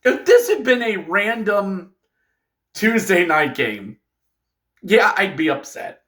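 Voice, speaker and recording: Sarcastic male fan, high lively voice, rants and shouts about his team. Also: slow pace. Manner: exasperated, sarcastic, shouts in bursts. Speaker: hockey fan vlogger. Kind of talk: ranting fan recap.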